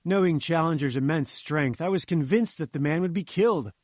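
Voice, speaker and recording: A man's voice: on the high side, a little fast, darkish tone, no room sound, clean studio sound. Man narrating an audiobook.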